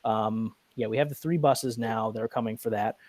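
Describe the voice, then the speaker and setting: A man's voice: on the low side, normal speed, a little mellow, dry recording. A man organizing supporters' events, chatting casually with many fillers as he lays out practical plans. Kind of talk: casual chat.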